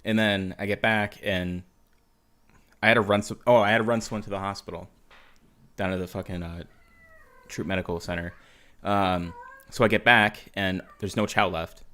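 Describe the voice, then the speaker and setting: Low-voiced swearing man spinning stories. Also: moderate pace, long pauses. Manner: profane, animated storytelling. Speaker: podcast guest, veteran. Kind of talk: casual chat.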